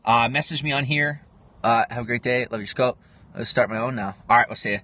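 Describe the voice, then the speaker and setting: A man in his twenties livestreams casually from home in Pennsylvania, rambling while he responds to viewer comments. His mid-range voice is a little fast, sounding pushed and bright.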